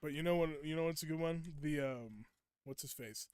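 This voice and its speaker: A young streamer chats casually over a game, his fairly high, smooth voice slightly mellow and a bit fast. He throws playful, mock-indignant rants at his viewers. The recording is dry and close, with almost no room around it.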